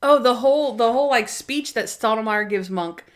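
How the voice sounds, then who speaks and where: A woman's voice: fairly high pitch, moderate pace. Woman co-host animatedly retelling scenes. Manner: lively retelling that acts out quoted lines. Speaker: podcast co-host. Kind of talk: casual chat recapping a TV episode.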